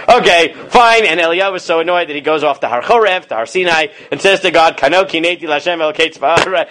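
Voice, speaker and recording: Lively higher-pitched man teaching Torah. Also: fairly quick, few pauses, background noise. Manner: animated, casual, acts out quoted lines; chants Hebrew verses then paraphrases them. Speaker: rabbi teaching a class. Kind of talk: informal classroom Torah lesson.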